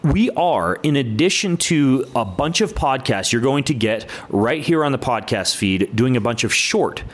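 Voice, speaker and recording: A man's voice: medium pitch, animated, normal speed. A man hosting a podcast intro, upbeat and teasing his co-host. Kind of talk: casual podcast intro chat.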